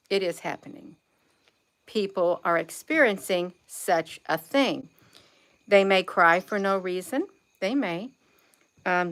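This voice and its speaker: A woman's voice: medium pitch, a bit bright. A woman talking to her viewers in a loose spiritual monologue, repeating her phrases and saying "you all" to the viewers. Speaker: vlogger.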